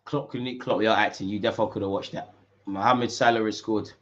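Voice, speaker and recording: A young man, commentating a football match live with street-slang banter and sudden shouts. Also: fairly low pitch, fairly even intonation, fast, lo-fi sound. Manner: banter-heavy, mocking rival fans in street slang, bursts into shouts at big moments. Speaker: football watch-along streamer.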